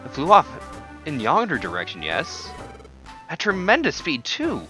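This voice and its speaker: A man's voice: huge pitch swings, a little slow, sharp tone, soft background music, heavily acted. A man voicing a dramatic male lizard shopkeeper in a game playthrough, wailing in a theatrical, raised voice. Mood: fussy. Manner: theatrical, high-pitched lament.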